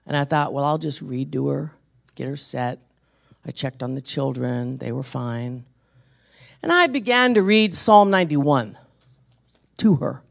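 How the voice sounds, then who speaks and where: A preacher giving an intense sermon with a personal testimony, dropping to hushed tones and then building to forceful exhortation. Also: mid-range voice, animated, measured pace, creaky, long pauses.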